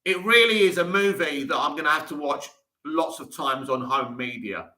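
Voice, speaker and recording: Casting note: male livestream host, keen and chatty, bright forceful voice, slightly high, roomy echo. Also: moderate pace. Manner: enthusiastic, talks in restarts and asides. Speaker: livestream host reading viewer comments. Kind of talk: casual live chat. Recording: echoey room.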